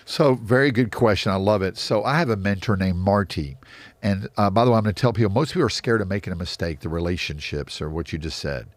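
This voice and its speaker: A man's voice: on the low side, quick pace, no room sound. A middle-aged man, a real estate investor, answering interview questions in an emphatic, motivational way that repeats key phrases.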